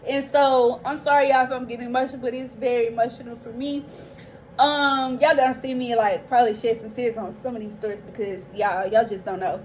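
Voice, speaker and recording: Young woman vlogger, fairly high-pitched, telling her story in a loose, emotional, near-tearful way; slightly muffled recording. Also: steady tone, a little fast, slight background noise. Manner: rambling, heartfelt, addresses listeners as y'all, swears casually. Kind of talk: casual personal storytelling.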